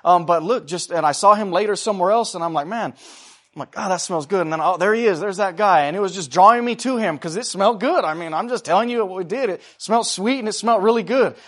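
Fervent preacher man, high-pitched. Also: fast, few pauses. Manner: swings between loud fervent exhortation and quiet conversational storytelling; calls for responses from the congregation. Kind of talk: sermon.

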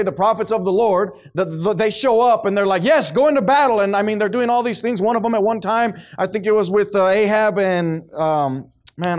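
A man preaching a sermon to a congregation, acting out the voices of the people he quotes. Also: high-pitched. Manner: animated, acts out quoted voices, responsive amens from congregation.

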